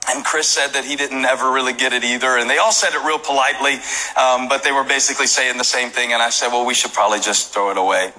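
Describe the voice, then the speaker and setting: A man preaching a sermon as pastor, mixing joking stories with rising shouted appeals to the congregation. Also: medium pitch, fast, low-quality recording. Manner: storytelling that builds to shouted preaching; jokey asides with laughs. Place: church service.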